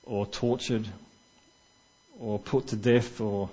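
A man's voice: lowish voice, fairly even intonation, takes it slowly, warm tone, husky, highs cut off. A man preaching a sermon in church, talking conversationally and asking the congregation questions.

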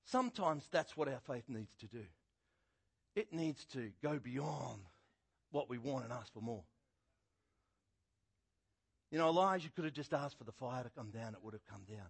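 A middle-aged man preaching a sermon, telling a Bible story in a conversational, animated way with a husky voice. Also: medium pitch, normal speed, pauses often. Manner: animated storytelling, acting out quotes loudly.

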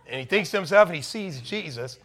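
High, bright-voiced animated preacher man. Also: fairly quick. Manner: animated preaching, acting out townspeople's warnings. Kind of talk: sermon.

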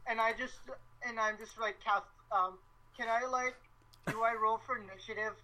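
A woman's voice: fairly high pitch, fairly even intonation, moderate pace, pushed and bright, poor audio. A woman player in a tabletop game, eager and hesitant, full of fillers. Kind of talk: casual tabletop game chat.

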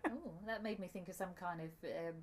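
Giggly woman with a lively voice. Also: mid-range voice. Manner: giggly, rambling, frequent ums. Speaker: podcast co-host. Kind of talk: casual comedic chat.

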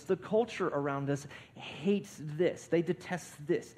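A man preaching a sermon, building to loud emphatic peaks and often restarting his words. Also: slow pace. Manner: emphatic preaching with swells in volume and pitch; frequent restarts and repeated words. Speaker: pastor.

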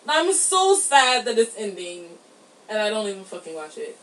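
A woman co-hosting a podcast in casual chat, giggly and animated, swearing freely. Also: medium pitch, normal speed, far from the mic. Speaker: podcast co-host. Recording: roomy, from off the mic, faint ambience.

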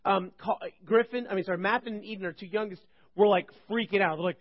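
Man, 30s, youth pastor, high voice, animated storytelling, joking asides, muffled recording. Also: fast. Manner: animated, joking, rambling with restarts. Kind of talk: humorous sermon storytelling. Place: church service. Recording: dull lo-fi recording.

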